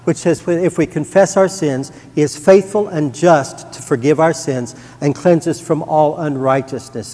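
A man's voice: on the high side, dark tone, long reverb tail. A middle-aged man giving a personal testimony to a congregation, earnest and rising to emphatic. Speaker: church member giving testimony.

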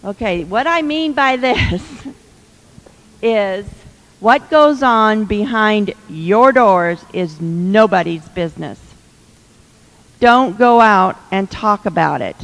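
A woman's voice: medium pitch, animated, slow pace, pauses often. A woman giving humorous marriage advice to a live audience, chatty, with teasing asides and laughs. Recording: long hall reverb.

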